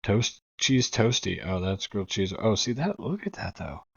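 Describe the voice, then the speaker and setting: A man's voice: on the low side, very animated, moderate pace, creaky, dull audio, over music. A man from New England, a reaction video host, talking in a chatty, rambling way and swearing casually. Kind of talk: casual commentary.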